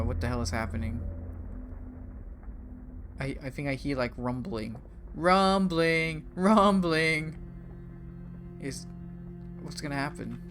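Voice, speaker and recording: A man streaming a game live, drawing his words out slowly as loud game music plays behind him. He reacts casually and swears freely. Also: a little high. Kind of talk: live gameplay commentary.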